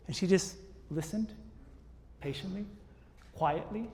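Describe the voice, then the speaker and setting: A man giving a keynote on a conference stage, telling a story in an animated way and acting out the voices. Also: on the high side, normal speed. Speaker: keynote speaker. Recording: long hall reverb.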